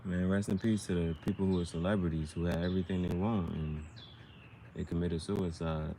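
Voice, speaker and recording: A man's voice: deep voice, fairly even intonation, a little fast, warm tone, a little hiss or hum. A man talking in a loose, slangy monologue that keeps drifting into playful rhymes. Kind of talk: casual rhyming monologue.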